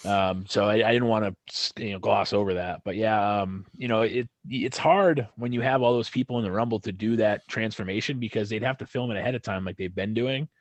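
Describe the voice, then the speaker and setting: A man's voice: lowish voice, a little fast, few pauses, no room sound. A man co-hosting a wrestling podcast, talking casually in a rambling way and swearing when he gets heated. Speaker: podcast co-host. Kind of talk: casual chat.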